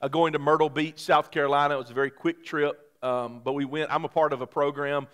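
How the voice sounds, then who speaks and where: A man, a pastor preaching a sermon who tells a personal story in an animated way, his voice climbing high and loud when he gets excited. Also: brisk, clear, resonant tone.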